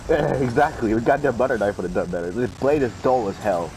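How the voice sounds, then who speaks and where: A young man in the middle of a game spins a long, rambling story, full of swearing and likes and ums. His voice sits at an ordinary middle pitch, and a steady hiss of noise runs under the voice chat. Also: normal speed, pauses often. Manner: profane, rambling, full of fillers. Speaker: gamer telling a story. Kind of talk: casual storytelling during gameplay.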